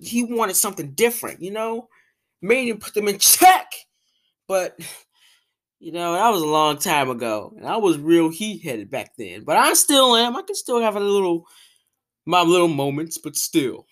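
Young woman host, lower voice, exasperated casual rant, animated. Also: normal speed. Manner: exasperated, animated ranting with repeated fillers. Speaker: podcast host. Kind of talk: casual ranting monologue.

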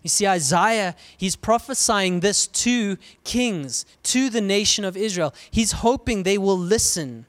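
A man from South Africa preaching a sermon, swinging between loud cries and hushed, quiet lows. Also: lively intonation, measured pace, hardly any pauses. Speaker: pastor.

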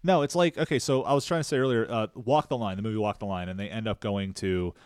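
A man's voice: fairly low pitch, fast, clean tone, dry recording, clean studio sound. A man from West Virginia co-hosting a podcast in casual chat, blunt and profane. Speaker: podcast co-host.

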